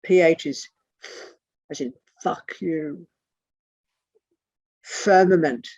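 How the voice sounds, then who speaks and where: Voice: mid-range voice, extremely slow, darkish tone, slightly rough, no echo. Teacher spelling out terms, dull dry sound. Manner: spells terms out letter by letter, blunt and occasionally profane. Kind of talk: teaching an online class.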